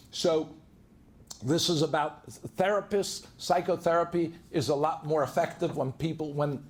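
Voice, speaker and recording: A man giving a talk on handling conflict, earnest and anecdotal, who often repeats words and restarts. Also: fairly high pitch. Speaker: divorce lawyer giving a talk. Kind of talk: storytelling lecture.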